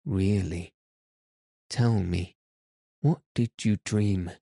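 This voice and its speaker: A man reading the lines of a calm, kindly doctor who speaks gently and reassuringly. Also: low voice, extremely slow, vocal fry, no room sound, studio quality, full character voice. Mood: gentle.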